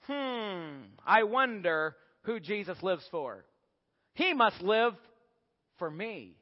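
A man's voice: high voice, animated, measured pace. A man voicing a self-absorbed pet cat that thinks everything exists for it. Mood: smug. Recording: echoey hall, dull lo-fi sound.

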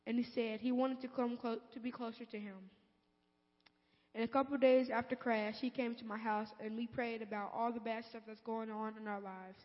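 A woman's voice: on the high side, little pitch movement, a little fast. A woman speaking earnestly to a church congregation, with small stumbles. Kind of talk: exhortation to congregation. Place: church sanctuary. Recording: lo-fi with long hall reverb.

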